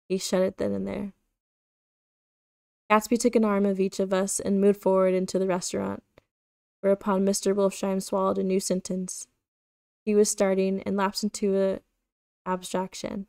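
A woman streamer reading a novel aloud in a steady, even delivery. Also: mid-range voice, normal speed, vocal fry, dry recording, clean studio sound. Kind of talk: live-streamed book reading.

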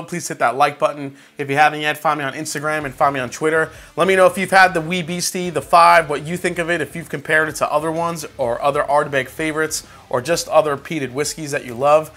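Man, whiskey review vlog, bright forceful voice, slightly high, relaxed tasting chat. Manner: relaxed, tasting between remarks.

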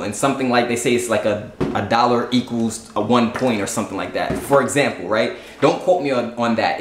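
A man's voice: mid-range voice, reverberant, a little hiss or hum. A man with a Southern US accent giving a casual explainer monologue, blunt and salesy, checking in often with "right?". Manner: repeats "right?" and "you get what I'm saying", blunt and salesy. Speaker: YouTube host explaining a sales plan.

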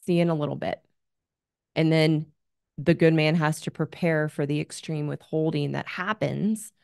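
A woman's voice: low voice, gravelly, no room sound, clean studio sound. A woman hosting an advice show as a relationship coach, talking in an earnest, candid coaching tone. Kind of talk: advice monologue.

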